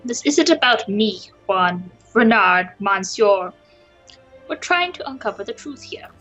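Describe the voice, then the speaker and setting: A woman's voice: mid-range voice, animated, measured pace, sharp tone, soft background music, low-quality recording. A woman voicing a confident male bird defense attorney in a game, talking in formal legal bluster. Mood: curt. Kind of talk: voicing a visual novel let's play.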